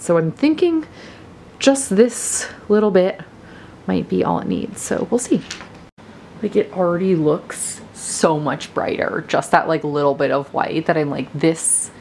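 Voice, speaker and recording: Low-voiced woman chatting away in her living room, says "like" a lot, faint room hum. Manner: chatty, lots of "like", thinking aloud; hushed at night. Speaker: homestead vlogger. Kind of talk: casual vlog chat. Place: home living room, indoors.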